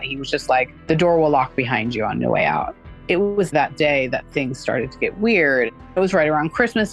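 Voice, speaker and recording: A woman recounting a personal experience in a candid, conversational way, often using "like" and acting out what people said. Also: low-pitched. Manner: conversational, frequent "like" fillers, acts out quoted dialogue. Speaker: guest recounting her experience.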